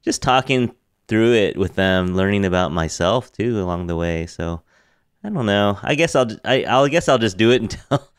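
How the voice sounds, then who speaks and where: An American man hosting a podcast, chatting casually, laughing often and animated in his delivery. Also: fairly low pitch, normal speed, clear, resonant tone, no echo, clean studio sound. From United States. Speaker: podcast host. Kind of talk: casual interview chat.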